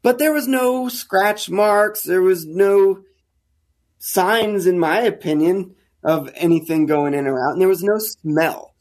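Podcast guest: American man, casual, lively storyteller, a touch higher pitched. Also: measured pace. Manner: animated, acts out quoted dialogue. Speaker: guest, caver.

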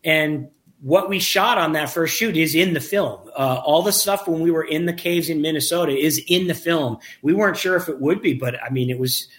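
Animated storytelling man, slightly high voice. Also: normal speed, hardly any pauses. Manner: animated anecdote-telling, acts out quoted dialogue, frequent restarts. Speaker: documentary filmmaker. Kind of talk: casual storytelling in an interview.

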